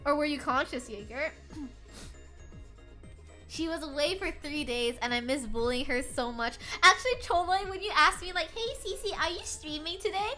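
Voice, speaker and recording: Faint music sits behind a young woman's home stream as she chats casually with viewers. High-pitched and at a moderate pace, she's bubbly, alternating soft murmurs with loud, excited outbursts.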